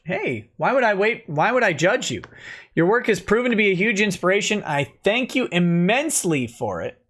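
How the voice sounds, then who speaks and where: A man's voice: high voice, a bit bright. A man in his thirties hosting a casual livestream, reading chat comments aloud and reacting to them between going over a legal document.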